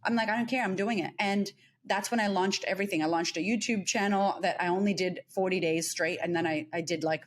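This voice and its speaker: A woman's voice: on the low side, brisk, a little hiss or hum. A woman in her thirties from the United States, a confidence coach, telling her story as an interview guest and acting out the dialogue. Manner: animated, acts out quoted dialogue.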